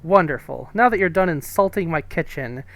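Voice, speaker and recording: A man's voice: a little high, expressive, moderate pace, a bit bright, no room sound. A man streaming a narrative game live, reading the text and choices aloud in a chatty, amused way. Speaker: streamer playing a story game. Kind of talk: live gameplay commentary and reading.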